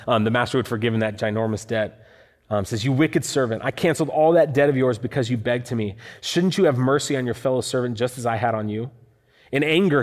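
A man preaching a sermon, reading scripture earnestly and building to emphatic passages. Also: mid-range voice. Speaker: pastor. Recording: hall reverb.

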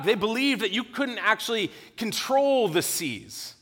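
A man preaching a sermon to his congregation, animated at times and dropping to a quiet intensity at others. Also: sits high, measured pace, big-room sound. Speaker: pastor.

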